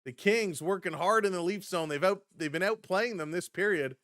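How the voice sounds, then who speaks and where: A man's voice: high voice, moderate pace, a bit bright, dry recording, clean studio sound. A man hosting a live hockey stream, mixing casual play-by-play with laughing chat to viewers. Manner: chatty, laughs often, jumps between plays and viewer chat.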